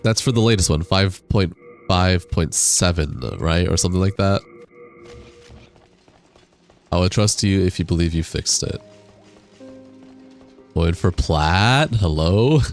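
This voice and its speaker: A man's voice: low voice, a little slow, long pauses, soft background music. A man live-streaming a game on a desk microphone, chatting casually, reading chat aloud, laughing and swearing now and then. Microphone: desk USB microphone.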